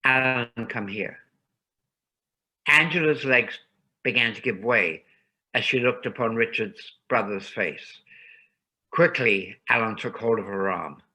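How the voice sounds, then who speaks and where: A man reading a ghost story aloud in a calm, measured narration. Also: fairly low pitch, poor audio.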